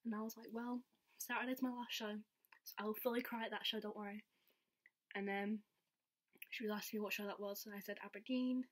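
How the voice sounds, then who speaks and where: A woman's voice: medium pitch, flat delivery, fairly quick, pauses often. Chatty young woman storyteller. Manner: chatty, says "like" all the time, acts out quotes. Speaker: vlogger. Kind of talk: casual storytelling.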